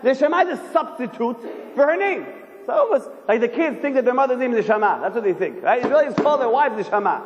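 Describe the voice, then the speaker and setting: A man giving a sermon as a rabbi, animated and firing rhetorical questions at his listeners. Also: extremely high pitch, quick pace, lo-fi sound. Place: synagogue hall. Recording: echoey hall, long reverb.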